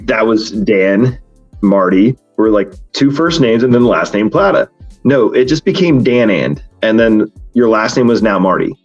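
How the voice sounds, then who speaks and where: A man's voice: fairly low pitch, lively intonation, unhurried, lo-fi sound, faint music behind. A man hosting a podcast in casual chat, talking frankly and rambling with many fillers and restarts. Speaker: podcast host.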